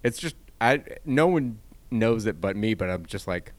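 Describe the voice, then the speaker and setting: A man's voice: lowish voice, lively intonation, normal speed, no room sound. A man with a Midwestern accent co-hosting a podcast, laid-back and jokey in casual chat. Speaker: podcast co-host.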